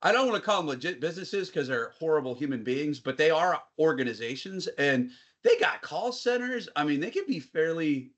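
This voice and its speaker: A man speaking as a guest on a webinar, chatty and animated, often acting out quoted voices. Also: on the high side, fairly quick, dull audio. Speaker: guest, IT business owner. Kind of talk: casual webinar conversation.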